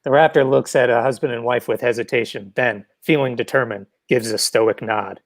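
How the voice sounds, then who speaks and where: A man reading the stage directions of his own comedy sketch in a deadpan way. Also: medium pitch, a little fast, dry recording.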